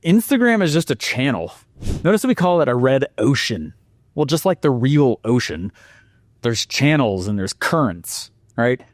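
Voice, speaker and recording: A man presenting a marketing lesson with energetic, animated storytelling and exclamations. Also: mid-range voice, moderate pace, dry recording, studio quality.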